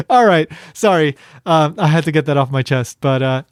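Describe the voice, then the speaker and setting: A man hosts a podcast in casual commentary. His voice sits a touch high, and the sound is dry and close with no room around it. He rambles through fillers and restarts with a wry, amused tone. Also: expressive, slow, no room sound. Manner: wry, amused, breaks into chuckles. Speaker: podcast host.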